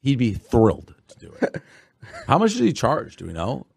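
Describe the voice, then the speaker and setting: A man's voice: mid-range voice, wildly swooping pitch, moderate pace, vocal fry, a little mellow, breathy edge. A man hosting a podcast in casual chat, blunt and profane, telling stories with animation. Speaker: podcast host.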